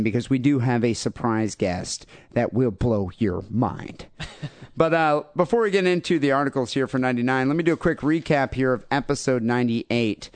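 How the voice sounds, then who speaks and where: A man's voice: mid-range voice, a little mellow, dry recording. A man hosting a casual comedy podcast, rambling and joking with many fillers. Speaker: podcast host.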